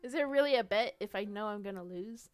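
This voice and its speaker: A woman's voice: mid-range voice, clean tone. A young woman streaming a detective role-play game, narrating her moves playfully and laughing easily over faint music. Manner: playful, quick to laugh, reads out story text.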